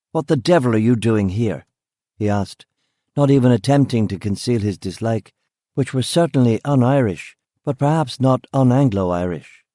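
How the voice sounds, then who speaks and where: A man narrating a first-person crime novel audiobook in a dry, wry, measured way. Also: on the low side, mellow, no echo.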